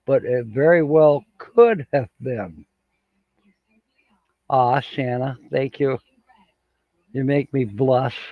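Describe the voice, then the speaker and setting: A man with a slightly high voice hosts a casual livestream from a home studio with a green screen, reading viewer comments aloud and chuckling often as he rambles. The recording is muffled and has no room sound.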